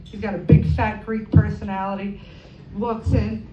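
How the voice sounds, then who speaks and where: A woman's voice: mid-range voice, level tone, normal speed, over music. A woman performing a stand-up comedy set, self-deprecating, acting out characters in quoted voices. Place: comedy club stage. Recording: echoey, distant, muffled live club sound.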